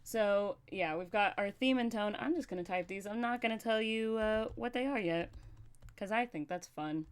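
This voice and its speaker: A woman's voice: medium pitch, normal speed, clean tone. Chatty woman hosting a livestream. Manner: chatty, laughs often, talks to herself. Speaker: livestream host. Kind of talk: casual chat.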